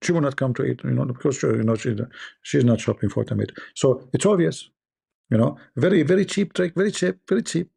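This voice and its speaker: Gravelly, sarcastic male host. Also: medium pitch, dark tone. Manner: sarcastic, halting, many fillers and repeats. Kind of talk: mocking live commentary.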